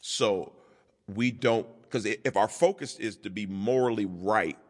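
A man preaching a sermon as pastor, building his points through repeated phrases in a steady preaching cadence. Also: fairly low pitch, a little slow, long reverb tail.

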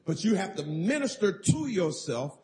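A man's voice: high voice, sing-song, moderate pace, dark tone. A man preaching a sermon as pastor, emphatic and calling for responses from the congregation.

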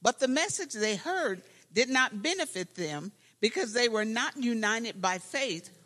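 A reader reading scripture aloud in a church, slow and measured. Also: mid-range voice, animated, fairly bright tone. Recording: long hall reverb.

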